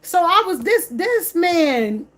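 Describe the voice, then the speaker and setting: A woman's voice: very high-pitched, very animated, takes it slowly, fairly bright tone. A woman, vlogging in an emphatic, repetitive, slangy rant straight to camera. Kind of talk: casual direct-to-camera rant.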